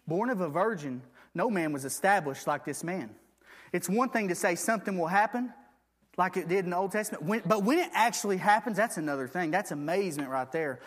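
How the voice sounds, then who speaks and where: A man's voice: high-pitched, animated, a little fast, fairly bright tone. A man preaching a sermon, reading scripture aloud and asking the congregation for agreement.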